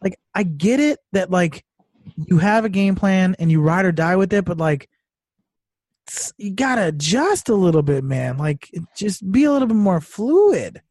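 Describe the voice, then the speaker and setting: A man's voice: high-pitched, animated, moderate pace, a little mellow, no room sound, clean studio sound. Rambling man on a podcast. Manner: rambling, filler-heavy, trails off and restarts. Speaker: podcast co-host. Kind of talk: casual sports chat.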